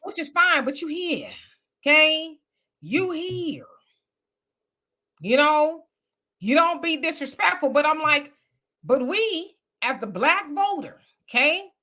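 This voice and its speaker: A middle-aged woman with a Southern US accent from Houston, hosting a casual political commentary and telling stories in an animated, colloquial, heated way. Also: sits high. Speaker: host.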